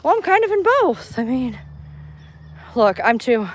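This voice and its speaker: A woman's voice: high-pitched, very animated, a little slow. A woman vlogging live on a phone while walking outdoors in a park, slightly out of breath and chatty, turning chirpy when she talks to passersby. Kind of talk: casual live walk-and-talk. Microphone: handheld phone.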